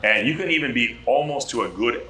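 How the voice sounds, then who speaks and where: Man, guest actor, bright forceful tone, animated storytelling, swears, roomy bar echo. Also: medium pitch, fairly quick. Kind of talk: casual chat, anecdote telling.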